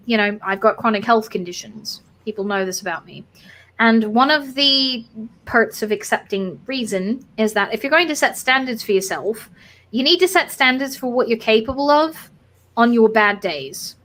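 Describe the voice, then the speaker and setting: A woman's voice: on the high side, fairly bright tone. A woman with a British accent mixing South London and Sheffield with some American, tipsy from wine, rambling in a casual streamed chat as host. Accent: British mix of South London and Sheffield with an American tinge. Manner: rambling, discursive, chatty with fillers.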